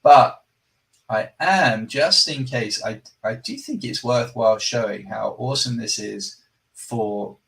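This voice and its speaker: A man's voice: medium pitch, a little slow, gravelly, a bit bright, recorded from a distance. A man hosting a live product demo. He talks enthusiastically and rambles, often breaking off and correcting himself. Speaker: product presenter and company host.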